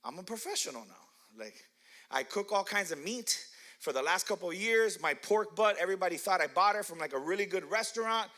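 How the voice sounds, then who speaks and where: A middle-aged man pastor preaching in a church, telling funny stories about himself. His voice is very bright and a little high for a man. He laughs easily and keeps asking the crowd questions. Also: animated, fairly quick. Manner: playful storytelling, laughs often, asks the crowd. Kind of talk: sermon with personal stories. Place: church hall.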